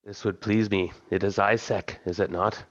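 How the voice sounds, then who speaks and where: Male GM voicing a slow, low goddess for a tabletop game, commanding and distant, dry lo-fi sound. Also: fairly even intonation, dry recording, close to an everyday voice. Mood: imperious. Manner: slow, measured, imperious speech. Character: ancient female patron goddess, remote and commanding.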